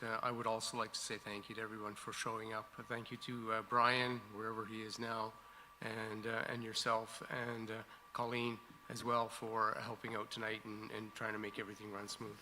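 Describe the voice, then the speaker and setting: Emphatic male candidate with a sharp voice. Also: lowish voice, little pitch movement, a little fast, a little hiss or hum. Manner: emphatic, repetitive. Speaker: election candidate. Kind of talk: debate answer. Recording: reverberant hall.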